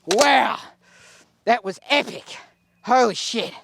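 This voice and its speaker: A fairly high-voiced Australian man hosts an outdoor shooting vlog, loud with excitement and cursing at every turn. He talks casually and pumps himself up between shots, with a faint hiss behind him. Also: moderate pace. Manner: excitable, swears constantly, hypes himself up. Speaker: host.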